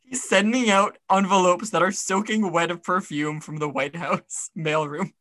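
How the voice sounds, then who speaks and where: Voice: mid-range voice, steady tone, normal speed, a bit bright, no room sound. A podcast co-host chatting casually about a TV episode, rambling with lots of fillers and wry asides.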